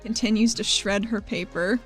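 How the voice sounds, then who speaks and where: A woman playing a tabletop game, expressive and laughing, swearing freely. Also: mid-range voice, normal speed, faint music behind. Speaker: player. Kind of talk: tabletop game play, casual chat.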